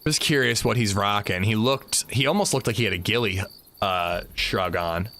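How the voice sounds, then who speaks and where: A man streaming a game, chatting in a relaxed way and answering his chat. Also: lowish voice, moderate pace. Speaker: gaming streamer. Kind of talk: casual livestream chat. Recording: game ambience loud behind voice.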